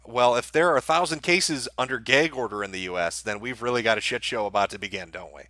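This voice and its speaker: A man's voice: medium pitch, quick pace, bright, forceful tone, no room sound, clean studio sound. A man hosting a livestream, reading viewer donations and answering them in sardonic, profane commentary. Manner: sardonic, blunt, swears freely.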